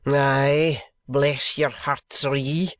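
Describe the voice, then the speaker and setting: A blunt, testy doctor speaks in a broad Scottish brogue, as a male narrator puts him on. He sounds gruff and matter-of-fact, recorded close and dry. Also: mid-range voice, flat delivery, extremely slow, no echo.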